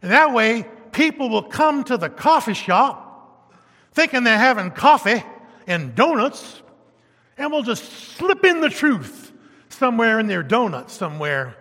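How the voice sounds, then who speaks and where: A high, bright-voiced male pastor preaching with animated emphasis, swinging from loud to hushed. The sermon rings with the long reverb of a church hall. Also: a little slow.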